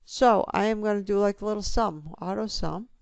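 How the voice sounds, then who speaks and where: A woman teaching a spreadsheet lesson, talking through each click step by step in a relaxed way. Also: mid-range voice, normal speed, creaky, no echo. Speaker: instructor. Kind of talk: screen-recorded software tutorial.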